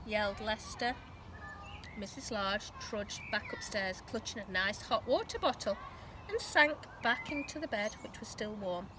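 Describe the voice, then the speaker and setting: Expressive woman reading a storybook aloud. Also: mid-range voice, unhurried, slight background noise, low-quality recording. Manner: expressive, asks listeners questions. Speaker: teacher reading to children.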